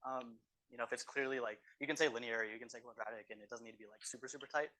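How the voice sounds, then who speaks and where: Male TA for a review session: quick delivery, bright voice, keeps asking the room "right?". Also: mid-range voice, steady tone. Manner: explanatory, tags statements with "right?". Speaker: course teaching assistant. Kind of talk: exam review lecture. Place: university classroom.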